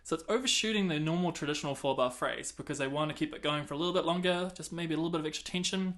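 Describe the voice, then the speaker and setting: A man with a fairly high, racing voice teaches clarinet, counting and singing rhythms out loud between casual explanations. Clarinet playing can be heard between his talk.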